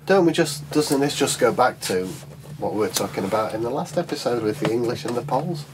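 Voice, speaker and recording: A man's voice: medium pitch, animated, fairly quick. Earnest man chatting, noisy background. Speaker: band member in conversation. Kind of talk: casual chat.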